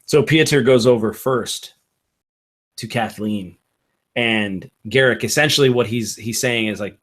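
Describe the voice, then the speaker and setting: A man narrating a tabletop game as game master, in slow, halting narration with fillers. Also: mid-range voice, a bit bright.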